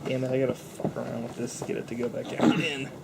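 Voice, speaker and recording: A man's voice: mid-range voice, flat delivery, fast, vocal fry, heavy background noise. A young man co-hosting a casual movie review chat, loose and profane, often laughing.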